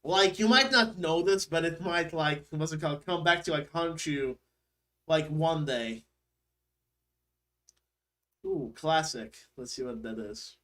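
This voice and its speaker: High-voiced man, slow and bright. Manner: laughs often, loose and jokey. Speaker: co-host of a livestream. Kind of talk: casual livestream reaction chat.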